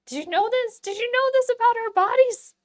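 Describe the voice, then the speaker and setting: A woman voicing a hyper, over-caffeinated cartoon frog in a silly, excitable stream voice. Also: very high voice, a little fast, voice pushed up. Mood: giddy.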